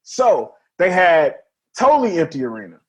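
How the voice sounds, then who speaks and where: Podcast co-host, male, husky higher voice, animated storyteller who acts out what others said. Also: normal speed. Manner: animated storyteller, acts out quotes, laughs often. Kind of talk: casual wrestling chat.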